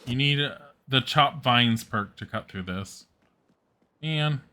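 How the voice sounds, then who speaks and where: A man streaming a game, thinking aloud in an unhurried, bright, forceful voice. He mutters to himself and swears and groans when things go wrong. The delivery is casual running commentary. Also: medium pitch.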